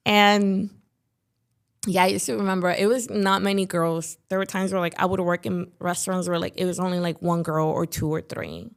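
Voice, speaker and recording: A young woman from Chicago appears as a podcast guest, her voice on the low side and smooth, with a flat delivery at normal speed. Chatting casually in an interview, she relies heavily on "like" and "you know."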